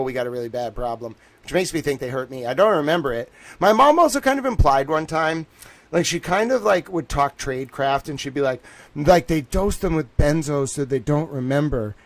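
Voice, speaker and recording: Fired-up man ranting, loud and quiet by turns. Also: a little high, a little fast. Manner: animated, swings between muttering and shouting; laughs often. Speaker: streamer. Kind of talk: casual rant.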